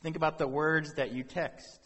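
A man's voice: a little high, fairly even intonation, normal speed, fairly bright tone, slightly rough, in a large hall. A man preaching a sermon as pastor, talking to the congregation in a conversational way with rhetorical questions.

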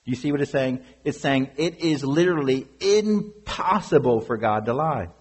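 In a church sanctuary with the long reverb of a large hall, a male pastor preaches a sermon in a husky, medium-pitched voice. He's animated and keeps a moderate pace, speaking earnestly and emphatically while putting questions to his congregation.

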